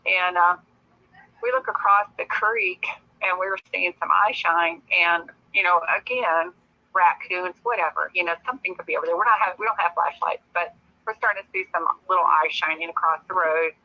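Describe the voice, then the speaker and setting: A woman guest telling a personal story in a casual, lively way, laughing often as she talks. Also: lowish voice, moderate pace, dull audio.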